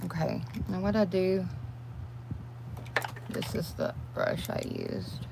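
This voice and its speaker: Chatty older woman, gravelly voice. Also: on the low side, wildly swooping pitch, unhurried, long pauses. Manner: chatty, rambling, talks to viewers as y'all. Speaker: livestream host. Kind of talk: casual livestream chat while doing makeup. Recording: noisy home livestream.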